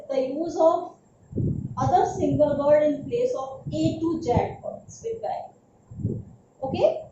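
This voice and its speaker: A woman teacher giving a vocabulary lesson, repeating each word and often checking in with her students. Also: high voice. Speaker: English teacher. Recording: roomy, distant, dull, noisy recording.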